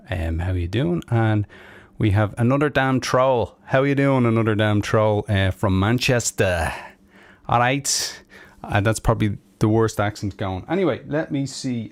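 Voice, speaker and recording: A man's voice: on the low side, no echo. Chatty Irish man greeting stream viewers. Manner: chatty, greets viewers by name one after another. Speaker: musician hosting a live stream. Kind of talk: casual live-stream chat.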